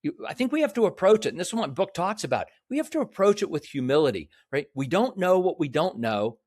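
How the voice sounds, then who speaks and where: A real estate developer, appearing as a podcast guest in a conversational interview, explains things earnestly and keeps checking in with "right?" His high, darkish voice is very animated and quick, captured in a clean studio with no room sound.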